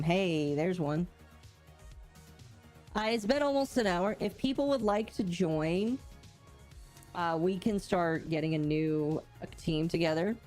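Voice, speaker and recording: A woman's voice: fairly low pitch, darkish tone. A woman streaming a game and chatting casually, reading and answering chat with playful puns.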